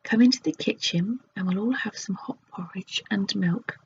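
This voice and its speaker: A woman's voice: mid-range voice, moderate pace, lightly acted. A woman whispering the lines of a sensible, alert little girl in a whispered role-play storybook reading. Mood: kindly. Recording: dull lo-fi recording with faint hiss.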